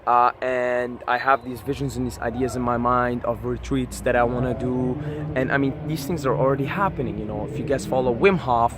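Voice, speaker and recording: A man's voice: mid-range voice, fairly even intonation, brisk. Man vlogger, passionate swearing pep talk, casual, faint street traffic behind. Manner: passionate, profane, repeats "right?". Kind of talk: casual motivational monologue to camera.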